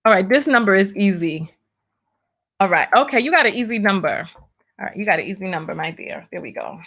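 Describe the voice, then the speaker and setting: A woman's voice: medium pitch, animated, fairly quick, a bit bright. A woman hosting a live-stream talk show, reading out donations with a sassy, teasing, playfully scolding manner. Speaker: host.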